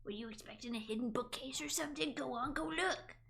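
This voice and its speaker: A woman voicing a greedy, cocky male guard in a game, reading aloud on a stream with a gruff put-on voice. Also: high voice, fairly quick, fairly bright tone. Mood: mocking. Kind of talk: game voice-over read on stream.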